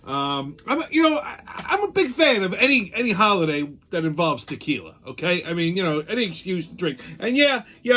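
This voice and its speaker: A man's voice: high-pitched, a bit bright. A middle-aged man, hosting a casual monologue show, blunt, profane and ranting. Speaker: podcast host.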